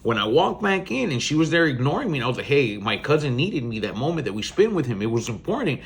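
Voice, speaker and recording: A man's voice: medium pitch, big pitch swings, fast. A young man with a South Texas accent, hosting a podcast and telling a story in casual, slangy talk with Spanish words mixed in. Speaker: podcast host.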